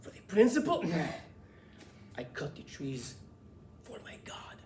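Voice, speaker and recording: A man doing a grave, hushed groundskeeper. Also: fairly high pitch, wildly swooping pitch, a little slow, whispered. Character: very serious quiet male groundskeeper.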